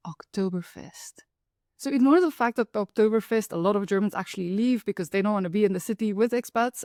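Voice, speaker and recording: A woman from Africa, telling a personal story in a wry, lively way. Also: mid-range voice, dry recording, clean studio sound. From South Africa. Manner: lively, wry, acts out the people in her stories. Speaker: author and storyteller.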